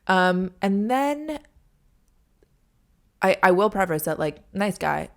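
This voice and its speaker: A young adult woman hosting a podcast, telling a casual story in a chatty way, full of "like" and dropping into hushed asides. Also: on the low side, slow pace, pauses often. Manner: chatty, heavy use of "like", drops to hushed asides. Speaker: podcast host.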